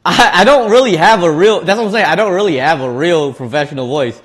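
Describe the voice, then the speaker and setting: Laid-back slangy man, slightly high voice. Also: animated, fast, a bit bright. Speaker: streamer. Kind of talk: casual chat while eating.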